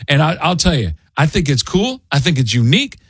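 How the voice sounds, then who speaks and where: A man's voice: a little high, fairly quick, husky, no room sound. A man hosting a morning radio show, chatting and joking in a studio. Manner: chatty, jokey, lively. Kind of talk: casual morning radio chat. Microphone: studio mic.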